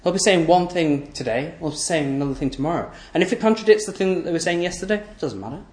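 A man's voice: animated, fast. Emphatic male preacher in an echoey room. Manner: emphatic, repeats key phrases, asks rhetorical questions; voice often drops low and soft at the end of phrases. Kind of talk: sermon.

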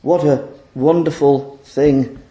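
A man's voice: on the high side, steady tone, takes it slowly, dark tone, reverberant. A man preaching a sermon in a church, fervent and emphatic as he exhorts the congregation.

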